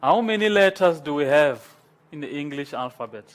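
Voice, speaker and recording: A man's voice: a little high, expressive. A man lecturing a class, repeating key words, mixing in Afrikaans and quizzing students. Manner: slow, repetitive, switches between English and Afrikaans, asks the class questions. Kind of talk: university lecture. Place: lecture room.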